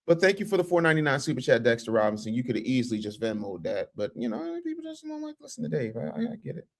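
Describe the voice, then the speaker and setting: A man's voice: medium pitch, huge pitch swings, very fast, gravelly. A man hosting a live reaction stream, mocking and roasting clips and reading viewer messages in a rowdy casual way. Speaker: livestream host.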